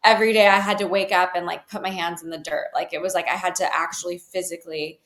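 A woman's voice: lowish voice, steady tone, quick pace, fairly bright tone. A woman telling her personal story in an interview, talking loosely with many fillers and restarts. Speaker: guest, healer. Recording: roomy echo.

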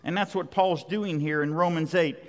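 A man preaching a sermon as pastor, repeating key phrases with emphasis, swelling loud and then dropping soft. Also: on the high side, moderate pace. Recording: long hall reverb.

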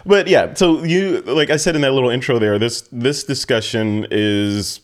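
A man hosts a casual podcast in a mid-range voice. He talks in an animated way, laughs easily and often restarts mid-sentence. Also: mid-range voice, moderate pace. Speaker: podcast host.

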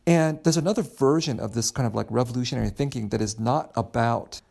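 A man's voice: medium pitch, a little fast, creaky, darkish tone. A man answering interview questions about his book in a thoughtful, rambling way, often repeating words as he thinks. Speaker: author, interview guest.

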